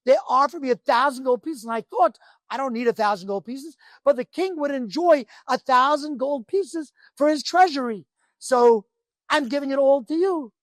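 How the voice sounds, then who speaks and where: A man's voice: very high-pitched, normal speed, dry recording, voice pushed up. A man voicing a proud, loyal young servant who earnestly explains himself to his king. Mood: eager.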